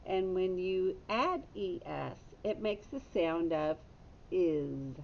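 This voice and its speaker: A woman's voice: expressive, slow pace, vocal fry. A woman teacher giving a patient phonics lesson to young children, stopping to correct her own slips. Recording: dull lo-fi audio with faint rumble.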